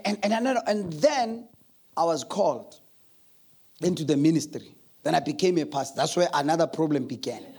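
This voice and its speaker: A man's voice: high voice, a little mellow. A middle-aged man preaching a sermon as pastor, telling stories with laughter and acting out voices. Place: church.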